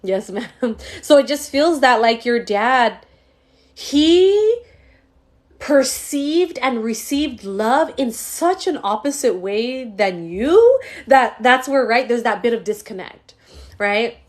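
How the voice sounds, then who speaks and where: A woman with a slightly high voice gives a psychic reading on a live stream, talking into her phone. She speaks in a casual, slangy way, swears freely and addresses the viewer directly. She is open about her feelings as she reads. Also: animated, slow. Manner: emotional, laughs often while reading. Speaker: psychic medium.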